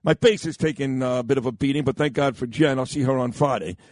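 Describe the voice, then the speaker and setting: A man's voice: medium pitch, fast, a little mellow, no room sound. A man hosting a morning radio show, brash, rambling and self-mocking as he runs through the lineup. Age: 50s. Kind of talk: morning talk radio banter. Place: radio studio. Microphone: close studio mic.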